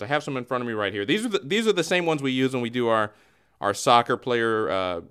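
A man hosting a casual sports talk podcast, ranting in an animated way. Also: lowish voice, smooth. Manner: animated, ranting with mock voices. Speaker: podcast host.

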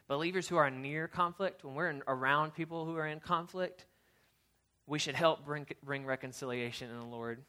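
A youth pastor giving a casual, storytelling sermon, chatty and animated, with lots of fillers and restarts. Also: male voice, a little high, moderate pace.

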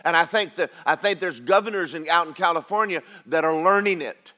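A man's voice: on the high side, a little fast, bright, forceful tone. A male pastor preaching a sermon, emphatic and repeating lines for stress as he calls out to the congregation.

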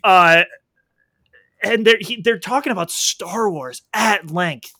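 Podcast co-host, man, bright and lively delivery, dry close sound, swears freely while riffing on a film. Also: high-pitched, slow pace, dry recording. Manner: animated, profane, acts out reactions. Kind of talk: casual movie review chat. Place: indoors at home, rain outside.

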